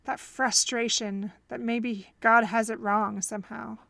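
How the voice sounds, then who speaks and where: A woman's voice: fairly high pitch, flat delivery, a little slow, gravelly, a bit bright, no room sound. A woman hosting a faith-based podcast as a counselor, telling a story earnestly and asking listeners reflective questions.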